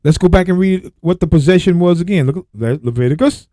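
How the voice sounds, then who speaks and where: A man hosting a Bible radio show, reading verses slowly and then breaking off to exclaim and repeat his points. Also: high-pitched, dark tone, no room sound. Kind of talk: Bible teaching with scripture reading.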